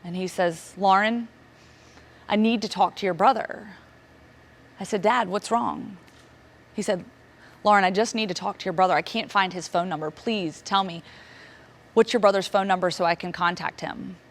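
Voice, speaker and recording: A woman in her thirties from Virginia speaks to an audience, telling a personal story. Her voice is emotional and paced with dramatic pauses, and it jumps up sharply when she relives moments of disbelief. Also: mid-range voice. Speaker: keynote speaker.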